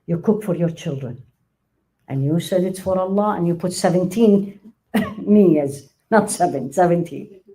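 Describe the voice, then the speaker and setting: Animated woman teaching a religious class. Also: on the low side, a little slow, low-quality recording. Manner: animated, acts out quoted speech, laughs often. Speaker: Islamic teacher. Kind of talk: religious lecture to a live class.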